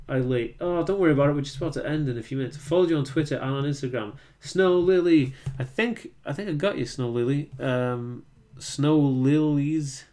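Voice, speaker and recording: A man's voice: mid-range voice, darkish tone. A young man from North Wales with a Welsh accent, hosting a casual livestream, reading viewer comments aloud and answering them with fillers and restarts. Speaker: livestream host reading chat.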